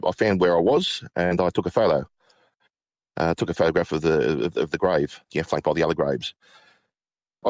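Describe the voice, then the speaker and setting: A middle-aged man recounting a personal ghost story, halting with many restarts and fillers. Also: low-pitched, a little mellow, no echo, lo-fi sound. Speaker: guest.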